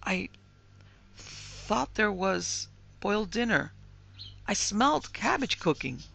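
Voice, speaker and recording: A narrator puts on a frightened young daughter. Her voice is lifted high and slow, faint and panicky. A gravelly, bright edge stays in it.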